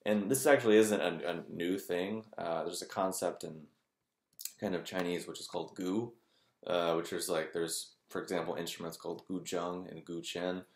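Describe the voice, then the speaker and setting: A man's voice: low-pitched, fairly even intonation, normal speed, reverberant. A man talking casually to his channel's viewers, rambling loosely and peppering his thoughts with "like" and "kind of". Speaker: spiritual teacher, YouTuber. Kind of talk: casual monologue to camera.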